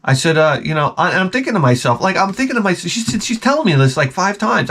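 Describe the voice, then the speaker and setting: A man who installs closets, telling a profane, animated story in a casual rant and acting out the people in it. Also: high voice, quick pace, hardly any pauses.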